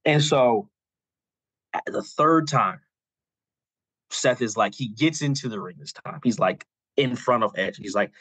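A man's voice: medium pitch, measured pace, pauses often, fairly bright tone, breathy edge, dry recording. Rambling man telling a story, dry sound. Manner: loose and rambling, full of "like" and "you know"; acts out quoted lines in passing. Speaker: podcast co-host. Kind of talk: casual storytelling on a podcast.

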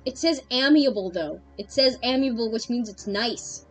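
A young woman talks her chat through a story game in a quick, excitable patter, often breaking into laughter. Her voice sits a little on the high side, with soft game music just audible behind her. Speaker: streamer. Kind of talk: casual game commentary.

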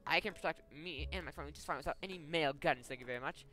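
A man's voice: a little high, racing, pushed and bright, soft background music. A man voicing a determined young mother who pleads her case earnestly in a game story.

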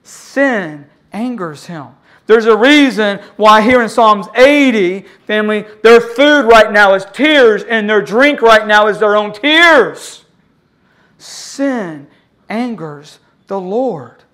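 Impassioned preacher, loud cries and hushes. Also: mid-range voice, animated, slow. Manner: call-and-response with the congregation. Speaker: pastor. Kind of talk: sermon.

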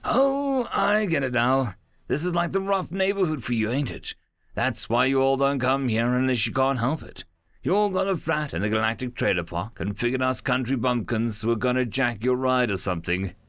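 Voicing a brash, wisecracking male space miner who uses folksy rural slang, a man pitches his delivery above his natural voice. It's medium in pitch, sing-song, moderately paced and fairly bright, captured in a dry, studio-quality recording.

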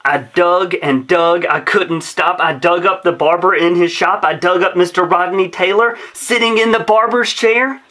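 A man's voice: high-pitched, fairly even intonation, moderate pace, hardly any pauses, pushed and bright. A man reading a rhyming children's story aloud in a rhythmic, sing-song way. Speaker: storybook reader.

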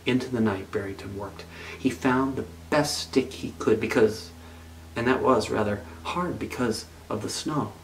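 Male pastor, story time in a sermon, unhurried and expressive. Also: lowish voice, slight background noise, rough recording. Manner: expressive read-aloud storytelling.

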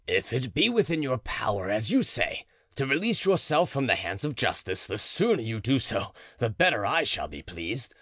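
A man's voice: mid-range voice, big pitch swings, normal speed, hardly any pauses, a bit bright, dry recording, studio quality. A man voicing a portly, worn-out provost who speaks in a heavy, formal and polite way. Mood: pleading. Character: portly, worn-out middle-aged male provost.

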